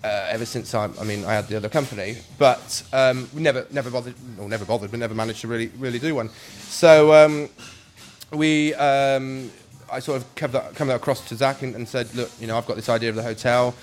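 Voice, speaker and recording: A man's voice: mid-range voice, brisk. A man who runs a scare attraction, answering interview questions in a rambling way with many ums and restarts. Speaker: attraction creator. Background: faint music.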